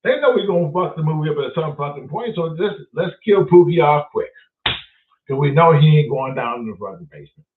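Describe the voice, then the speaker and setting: A man hosts a casual live stream, telling stories full of swearing and reading out viewers' chat names. His fairly high voice has lively intonation and a slightly fast pace. The audio is roomy, distant and phone-like, with background noise.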